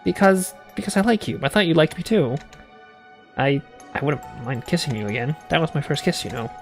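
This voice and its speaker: A man's voice: medium pitch, brisk, vocal fry, faint music behind, lightly acted. A man voicing a shy, earnest young woman guide in a visual novel, speaking hesitantly with stammers. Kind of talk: reading a visual novel aloud.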